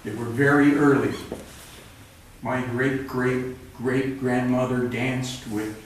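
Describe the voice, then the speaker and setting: A man's voice: medium pitch, little pitch movement, slow pace, far from the mic, slight background noise. A man reading from his own books at a live event, wry and plainspoken, with rambling asides between pieces. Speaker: author reading his work. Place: cultural center event room. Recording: roomy live recording from afar.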